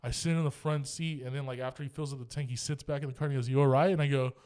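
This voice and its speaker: Young male podcast host, animated storyteller, swears freely, fairly high voice. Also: quick pace, few pauses. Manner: animated, swears a lot, acts out both sides of quoted dialogue. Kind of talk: casual storytelling chat.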